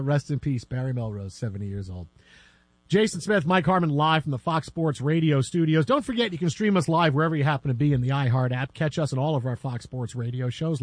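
A man hosting a sports radio show in a studio, telling a long story in a rambling, animated way with many fillers. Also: on the high side, dry recording. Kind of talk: casual storytelling chat. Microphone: studio mic.

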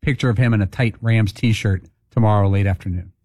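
A man who is a regular on a sports talk show, trading deadpan quips with the host. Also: fairly low pitch, brisk, slightly rough. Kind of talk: casual studio banter.

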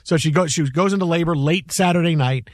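A man's voice: fairly high pitch, fast, dry recording, studio quality. A man in his forties hosting a sports radio show, telling a story in casual banter and acting out the quotes. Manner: animated storytelling, acts out quotes. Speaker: radio sports talk host.

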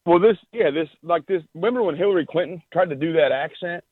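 A man's voice: on the high side, fast, husky, no echo. A man calling in as a regular guest on political talk radio, blunt and exasperated. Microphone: phone line. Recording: tinny phone line.

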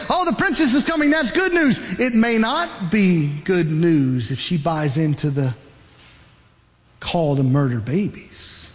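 A man preaching a sermon, retelling a Bible story as an animated storyteller. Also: fairly high pitch, in a large hall. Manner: animated storyteller, acts out the characters.

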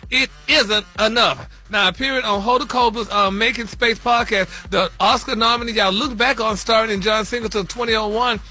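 A man's voice: high voice, steady tone, brisk, hardly any pauses, sharp tone. A man hosting a radio gossip segment, flamboyant and calling listeners honey and baby. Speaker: radio show gossip host.

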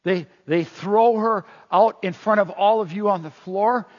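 Male preacher, high voice, animated storyteller who stammers restarts; dull, muffled recording. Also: unhurried. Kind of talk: sermon. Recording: muffled, long hall reverb.

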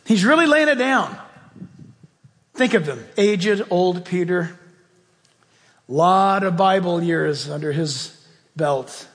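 A man preaches from the pulpit in a strikingly high voice. His talk is emphatic and conversational, full of folksy asides. Long reverb from a large church hall trails every phrase. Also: lively intonation, slow, long pauses, fairly bright tone. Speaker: pastor. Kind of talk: sermon.

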